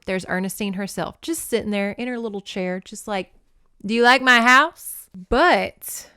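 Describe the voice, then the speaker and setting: Give me a campy woman host recapping a novel with a smooth, crisp voice. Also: mid-range voice, no room sound, studio quality. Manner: campy, animated, slips into voices. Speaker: podcast host. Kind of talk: comedic book recap.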